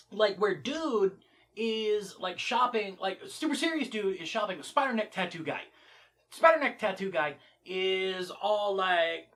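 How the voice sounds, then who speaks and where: A man chats through a movie recap in a casual vlog, rambling and full of fillers. His voice sits high and bright, and he sounds animated as he narrates. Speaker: movie reviewer.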